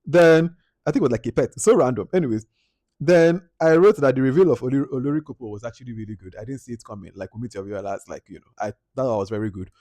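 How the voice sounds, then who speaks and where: Fast-talking man reviewing films. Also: mid-range voice, no room sound, clean studio sound. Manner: animated, exasperated, acts out his own reactions. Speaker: film reviewer. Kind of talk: casual movie review monologue.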